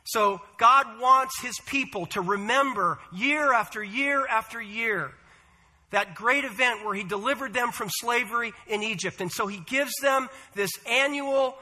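A male pastor with a high voice and a very bright, sharp tone. He preaches in a measured, earnest way, pausing on the odd "uh". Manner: measured, earnest delivery with "uh" fillers. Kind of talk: sermon.

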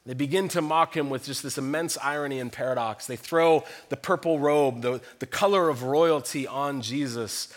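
A man's voice: medium pitch, normal speed, few pauses. A man preaching a sermon, reading scripture passages aloud and explaining them in an earnest, reflective way. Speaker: pastor.

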